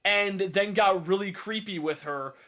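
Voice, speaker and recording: Hombre de voz aguda y animada. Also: male voice, sits high, a little slow. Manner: excitable, swearing, laughs often. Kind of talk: casual chat.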